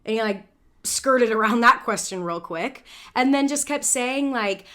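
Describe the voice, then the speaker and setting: Animated woman telling a story, swearing freely. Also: a little high, a little slow. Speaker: podcast co-host. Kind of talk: casual chat.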